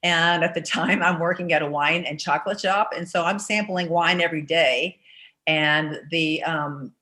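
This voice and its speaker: A woman's voice: low voice, moderate pace. Chatty woman in her sixties. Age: 60s. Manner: chatty, energetic, many "you know" fillers. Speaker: interview guest. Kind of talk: casual storytelling in an interview.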